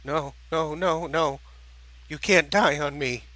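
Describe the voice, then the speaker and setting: A man playing a commanding male space fleet general who shouts orders in a raised, strained voice. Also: high-pitched, measured pace, voice pushed up, low-quality recording. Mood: pleading.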